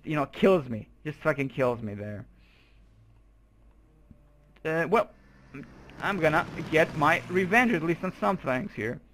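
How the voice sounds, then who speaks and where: Swearing, fairly high-voiced young man. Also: fairly bright tone. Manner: profane, exasperated running commentary with outbursts. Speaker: game commentator. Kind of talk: let's play commentary.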